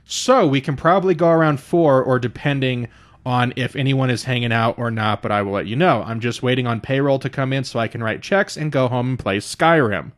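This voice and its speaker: A male podcast co-host in swearing, casual banter, recounting a grievance in a ranting, exasperated way. His voice sits at an ordinary middle pitch. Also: fairly quick.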